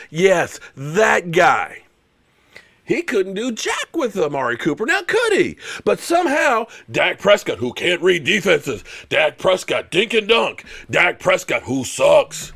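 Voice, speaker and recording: A man ranting on his live stream about football, sitting high in his register and swinging his pitch all over. He sounds fired up and sarcastic, mocking his rivals and hammering his points home by repeating himself. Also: sing-song, slow, vocal fry, pushed and bright. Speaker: show host and former pro football player. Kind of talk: heated live-stream sports rant.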